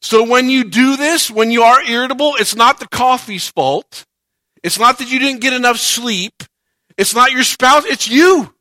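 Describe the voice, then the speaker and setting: A man's voice: very high-pitched, normal speed, sharp tone, no room sound, clean studio sound. A man preaching a sermon in a conversational way, rising to emphatic points and acting out the quoted voices of churchgoers. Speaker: pastor.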